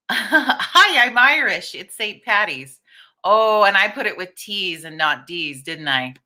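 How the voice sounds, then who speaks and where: In a bright, forceful voice that sits a little low, a middle-aged woman hosts a laid-back live stream. Her intonation is lively and her pace unhurried as she speaks frankly, swears freely and greets each viewer personally.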